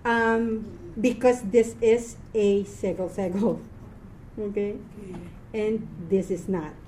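A tired woman teaching a live reading class, chatty, quick to laugh and correct herself. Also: medium pitch, steady tone, dark tone, a little hiss or hum.

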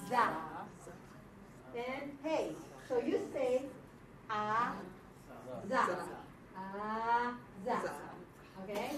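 A woman's voice: on the high side, background noise. A woman from the Philippines teaching a class, explaining patiently and checking in with her students. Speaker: Hebrew teacher. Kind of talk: classroom lesson. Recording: echoey room from far off.

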